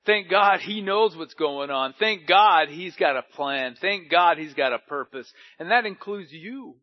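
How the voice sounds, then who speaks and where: A pastor preaching a sermon to his church, animated, with frequent laughs as he acts out scripture quotes in dramatic voices. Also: sits high, dull audio.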